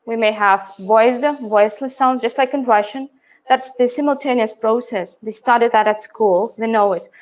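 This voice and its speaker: A woman's voice: a little high, moderate pace. A middle-aged woman, an English teacher, explaining how she teaches pronunciation and often checking in with "yeah?" and "right?".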